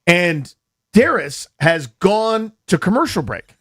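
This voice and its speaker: A man's voice: high voice, takes it slowly. An American man hosting a sports radio show, telling rambling jokey stories in a casual studio chat. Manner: animated, jokey, rambling storyteller. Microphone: studio microphone.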